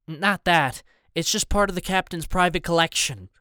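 A man doing a hurried, casual young galley worker. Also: a little high, sharp tone, no echo, studio quality, voice pushed up.

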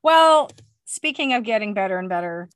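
A woman's voice: medium pitch, expressive, moderate pace, no room sound, studio quality. A woman hosting a podcast, asking questions in an encouraging, affirming way. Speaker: podcast host. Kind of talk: casual interview chat.

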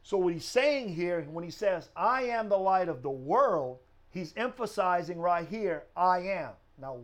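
A man teaching a Bible study lesson, explaining step by step with rhetorical questions and a frequent tag "right?". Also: high voice.

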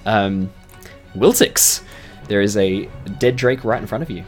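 Dungeon master, male, lowish pitch, easygoing narrator over quiet music. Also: unhurried. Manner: chatty, laughs often, sort-of hedging. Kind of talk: narrating a tabletop game.

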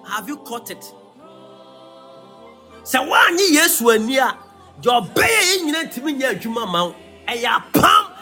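A man preaching a sermon as pastor, breaking into shouts and sung phrases. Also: extremely high pitch.

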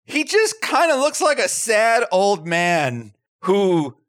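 A man hosting a comedy podcast, with a high and very lively voice that jumps around as he riffs. He jokes loudly and breaks into silly bits, talking into an online call microphone. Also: takes it slowly. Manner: animated, loud bursts, jokey impressions. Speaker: podcast host.

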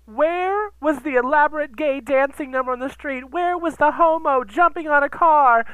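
A man's voice: extremely high pitch, normal speed, bright, forceful tone, dry recording, voice pushed up, rough recording. A man doing a campy, dramatic drag queen persona who hosts a podcast and rants theatrically into a computer sound recorder. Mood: outraged. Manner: theatrical, gasping, swearing, camp. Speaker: podcast host. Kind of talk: ranting podcast monologue.

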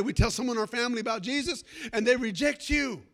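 A male preacher with a very high, bright and forceful voice. He delivers a fervent sermon, calling for amens from the congregation and telling homespun personal stories along the way. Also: quick pace, some chatter behind. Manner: fervent, calls for amens, folksy storytelling.

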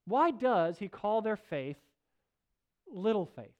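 A male pastor preaching a sermon, moving between loud, slow emphasis and soft, low asides, with casual restarts. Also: very animated, dull audio. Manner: conversational, with filler restarts.

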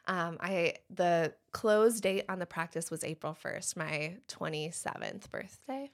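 A woman's voice: medium pitch, measured pace. A woman in her thirties, a dentist guest, telling a story in conversation and laughing often. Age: 30s.

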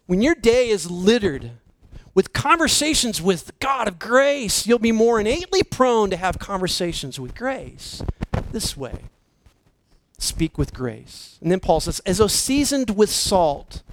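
A man preaching a sermon, slow and emphatic, dropping his voice low for key points. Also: very animated, low-quality recording. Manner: slow, emphatic preaching with dramatic drops to near-whisper. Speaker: pastor.

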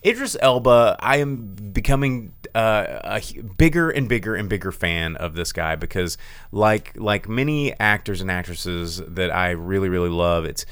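Animated low-voiced man reviewing films. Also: normal speed, clean tone, dry recording. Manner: animated, swooping pitch, many fillers and restarts. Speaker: film review podcast host. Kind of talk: casual film review chat.

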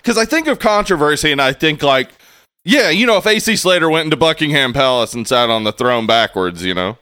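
A man's voice: a little high, expressive, fairly quick, bright, forceful tone, smooth, no echo, clean studio sound. A man in his forties co-hosting a casual podcast, joking, swearing and laughing often. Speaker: podcast co-host.

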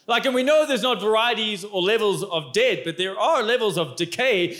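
High-voiced animated male preacher. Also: brisk. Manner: animated, emphatic, conversational preaching. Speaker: pastor. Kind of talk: sermon.

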